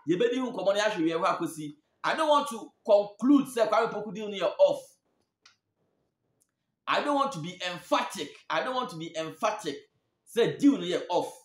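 A Ghanaian man with a high-pitched voice talks football in a casual, chatty way, going back over his points to press them home. He is heard in an echoey room. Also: a bit bright. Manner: chatty, repeats points for emphasis. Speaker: sports show host. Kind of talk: casual football talk, mixing Twi and English.

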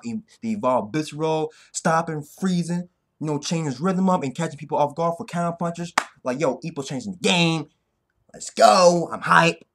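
Hyped, swearing man recapping anime. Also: mid-range voice. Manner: hyped, slangy, swears a lot. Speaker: anime reaction vlogger. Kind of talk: excited casual recap.

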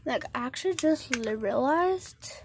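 A young woman with a high, bouncy voice chatters playfully in a casual home vlog, slipping from hushed whispers into excited squeals. Recorded indoors in a bedroom with a faint hiss behind her. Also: measured pace. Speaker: vlogger.

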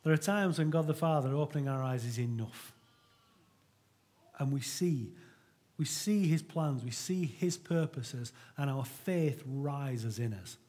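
Husky middle-aged man preaching. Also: medium pitch, darkish tone. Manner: earnest and conversational, with frequent restarts. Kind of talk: sermon.

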